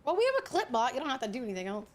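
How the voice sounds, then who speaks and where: Young woman, streamer, crude and teasing, high voice, faint room hum. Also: big pitch swings, rapid-fire. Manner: crude, teasing, bursts into loud laughs. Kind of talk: casual game streaming commentary.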